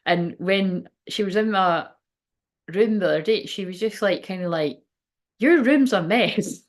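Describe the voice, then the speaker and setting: A woman's voice: on the low side, moderate pace. A woman who works as a spiritual medium, rambling chattily and emotionally on a live stream and laughing often. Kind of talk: casual live-stream chat.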